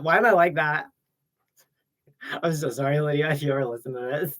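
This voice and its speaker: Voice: medium pitch, brisk, pauses often, fairly bright tone. A streamer with a male-sounding voice, ranting profanely on a live webcam stream, with lots of "like" fillers. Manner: profane, heated, full of "like" fillers. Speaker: livestreamer. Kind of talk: ranting livestream monologue. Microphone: webcam mic.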